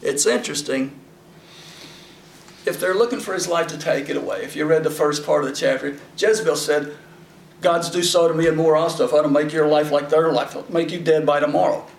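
A man's voice: a little high, fairly even intonation, fairly quick, creaky. A man giving a conversational Bible teaching, reading verses and retelling them in a folksy, casual way. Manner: folksy, paraphrases scripture in casual voices. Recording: echoey room, mic at a distance, faint background noise.

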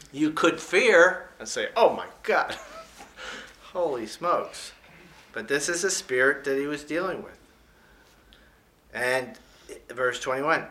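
A man preaching a sermon in a bright, sharp voice. He reads the verses slowly, leaning on the key words. Between them he drops folksy, joking comments and chuckles. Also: mid-range voice. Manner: slows down and stresses key scripture words. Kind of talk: sermon, reading and commenting on scripture.

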